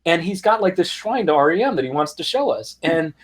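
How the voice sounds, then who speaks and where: A middle-aged man, a guest in an interview, telling anecdotes in an animated, conversational way. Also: fairly high pitch, brisk. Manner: animated anecdotes with quoted voices and laughs. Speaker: guest, music startup founder. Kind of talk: conversational storytelling.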